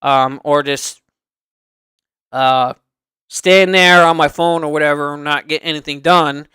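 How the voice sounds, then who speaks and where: High, bright-voiced rambling streamer. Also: male voice, steady tone, a little slow, clear, resonant tone, no echo. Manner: rambling, circles back and repeats points. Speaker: livestream host. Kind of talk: casual unscripted chat.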